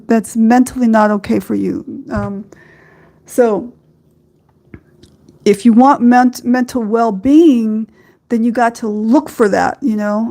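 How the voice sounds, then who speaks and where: Slow, halting woman podcast host. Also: on the high side, darkish tone. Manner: slow, halting, many ums and you-knows. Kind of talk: reflective spiritual talk.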